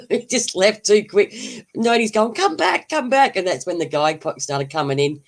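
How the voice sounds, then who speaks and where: Giggly streamer chatting. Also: mid-range voice. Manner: laughs often, chatty and rambling, answers chat. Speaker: livestream host. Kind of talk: casual livestream chat.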